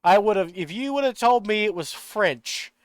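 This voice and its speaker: A man streaming a video game, chatting casually, rambling and swearing in his excitement, with a slight rural American accent. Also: sits high, measured pace, dry recording.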